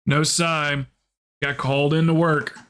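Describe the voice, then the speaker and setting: A man's voice: a little high, a little slow. A man streaming a game, chatting casually, rambling and cursing, with lots of laughs and mimicry. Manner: rambling and profane, with frequent laughs; animated, mimics others in quotes. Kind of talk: casual livestream chat while gaming.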